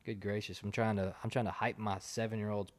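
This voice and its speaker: A man's voice: fairly low pitch, flat delivery, a little fast, no echo. A man in his thirties co-hosting a casual podcast, wryly teasing and correcting his partner. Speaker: podcast co-host. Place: home podcast studio.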